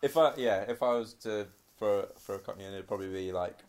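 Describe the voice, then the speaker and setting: A man's voice: lowish voice, brisk, clean tone. A young man, chatting casually and laughing as a podcast co-host. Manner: laughing, bantering, slangy. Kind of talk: casual chat.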